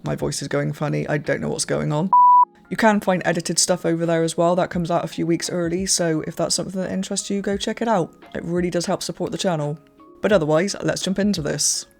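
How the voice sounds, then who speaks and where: A man's voice: fairly high pitch, fairly even intonation, quick pace, vocal fry, faint music behind. A British man hosting a reaction video, chatting casually and self-deprecatingly with lots of restarts and hedges. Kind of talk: casual chat to camera.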